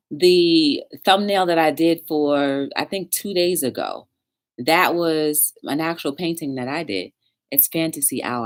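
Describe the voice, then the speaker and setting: A woman hosting a live-stream talk show, telling stories with energy and greeting viewers in the chat by name. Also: on the low side. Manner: upbeat, encouraging.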